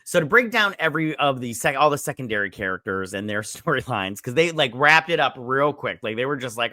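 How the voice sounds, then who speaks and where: A man hosts a casual review with a bright, forward voice. He rambles through fillers and swears freely. The sound is close and dry. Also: medium pitch, lively intonation, brisk, hardly any pauses, no echo. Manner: rambling, filler-heavy, swears, acts out quotes. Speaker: show host reviewing a TV episode.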